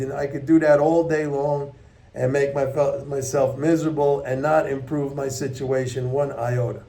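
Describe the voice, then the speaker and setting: An economics commentator with a slightly high, steady, dark voice speaks unhurriedly to his viewers. His unscripted market commentary is blunt and emphatic, and he often repeats points to stress them.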